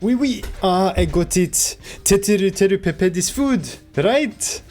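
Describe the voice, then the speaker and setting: A man's voice: high-pitched, lively intonation, a little slow, darkish tone, soft background music, pitched above the performer's own voice. A man voicing a hyper young woman in an exaggerated mock-French accent. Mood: cheerful.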